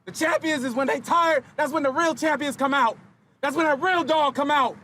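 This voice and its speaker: A man giving a fired-up, profane motivational speech to his football team, shouting much of it. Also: extremely high pitch, moderate pace, a little hiss or hum. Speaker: football player addressing team. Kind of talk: locker-room motivational speech.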